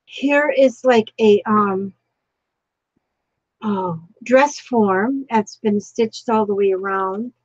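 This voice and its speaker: A woman's voice: medium pitch, slow pace, no room sound, highs cut off. A woman chatting through a casual craft tutorial, emotional and overwhelmed, with frequent breathless exclamations. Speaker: crafting vlogger.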